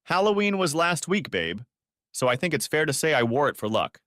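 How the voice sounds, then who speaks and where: A man's voice: on the high side, big pitch swings, a little fast, a bit bright, no room sound, studio quality, pitched above the performer's own voice. A man voicing a sly young wife who talks in a coy, teasing way in an audiobook story.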